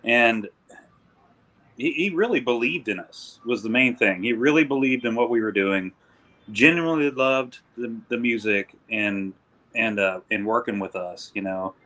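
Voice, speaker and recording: Bright-voiced man speaking with thoughtful hesitation. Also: mid-range voice, measured pace. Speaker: band member, guest. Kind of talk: casual chat.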